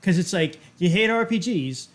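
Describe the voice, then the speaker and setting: A woman's voice: on the low side, expressive, normal speed. A woman game master chatting casually after the session, blunt and swearing freely. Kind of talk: casual chat.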